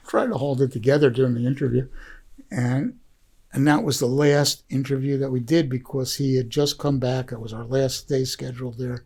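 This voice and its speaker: A man's voice: medium pitch, fairly even intonation, moderate pace, warm tone, slightly rough. A man who is a guest on a podcast, telling a story in a rambling, heartfelt way, full of fillers and restarts. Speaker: podcast guest, documentary filmmaker. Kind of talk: casual storytelling.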